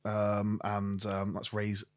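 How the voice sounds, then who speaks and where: A man hosting a podcast interview, speaking in a relaxed, casual way with plenty of hesitations. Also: lowish voice, slow pace. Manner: relaxed, hesitant, many fillers. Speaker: podcast host.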